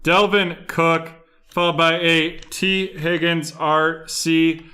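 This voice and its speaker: A man's voice: on the high side, flat delivery, takes it slowly, pushed and bright. A young man hosting a live card break stream, rattling off card names and the buyers they go to.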